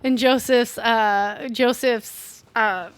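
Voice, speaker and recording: A woman co-hosting a casual movie review, retelling scenes in animated detail and swearing freely. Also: fairly high pitch, drawn-out words, smooth, no room sound. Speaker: podcast co-host.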